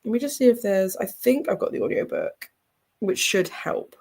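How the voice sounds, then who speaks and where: A woman's voice: mid-range voice, animated, normal speed, vocal fry, a little mellow. A young woman hosting a reading livestream from home, sounding stuffy and congested, chatting in a rambling way with lots of ums and small laughs. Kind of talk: casual livestream chat. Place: home room with bookshelves behind her.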